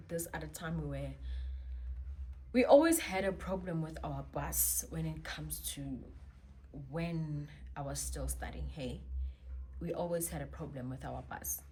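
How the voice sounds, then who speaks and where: A woman telling a personal story as a vlogger, chatty and expressive with many asides. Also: low-pitched, a little hiss or hum. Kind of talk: storytime monologue.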